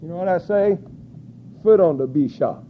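A man preaching a sermon, crying out scripture at full force and then dropping to quiet, low asides. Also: normal speed, narrow, tinny audio, slight background noise.

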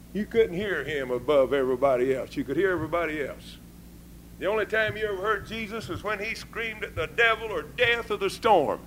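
A man preaching a sermon with folksy, informal grammar, swinging between hushed talk and fervent shouting. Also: sits high, animated, a little fast, rough recording.

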